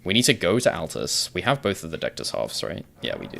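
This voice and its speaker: A young man with a British accent and a low voice that drops into gravelly fry, rambling through a gaming stream. He thinks aloud, answers his chat and swears offhandedly. A faint hum of room noise sits behind him. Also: huge pitch swings, fast, fairly bright tone. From Britain. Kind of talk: casual live-stream chat while gaming.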